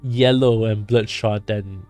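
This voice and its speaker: A man's voice: on the low side, fairly even intonation, slow pace, a little mellow, soft background music. A man streaming a game live, joking and riffing casually as he reads along. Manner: jokey, laughs and riffs while reading a game.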